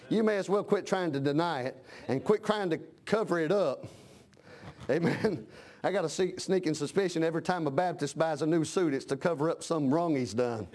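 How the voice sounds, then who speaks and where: A man's voice: on the high side, darkish tone. A middle-aged man preaching a folksy sermon, dropping frequent amens and acting out the voices of the people he talks about. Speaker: pastor.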